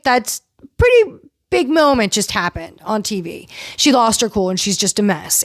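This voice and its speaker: A chatty woman dishes on reality TV drama in a casual recap, jumping into voices to act out what everyone said. Her voice sits a little high. The sound is dry and close. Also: no echo. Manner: chatty, animated, acts out quotes. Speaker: podcast host recapping reality TV.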